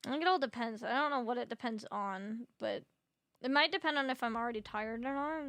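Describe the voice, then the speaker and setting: Sleepy young woman gaming on stream, high bright voice, dry close sound, swears and chats with chat. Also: a little fast, no room sound. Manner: chatty, swears freely, talks to chat. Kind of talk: casual gameplay chat.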